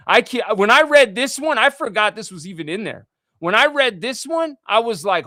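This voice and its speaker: A man's voice: high voice, very animated, moderate pace, sharp tone, no room sound, clean studio sound. Indignant man ranting on a livestream. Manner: indignant, profane, reads texts aloud. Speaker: livestream host. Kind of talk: casual livestream rant.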